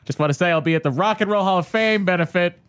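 A man co-hosting a podcast who casually chats and jumps in with quick, wisecracking gags. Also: high-pitched, a bit bright. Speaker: podcast co-host.

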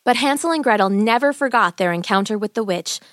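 A woman narrating a children's fairy tale in a gentle, even storybook reading. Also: fairly high pitch, fairly quick, dry recording, clean studio sound.

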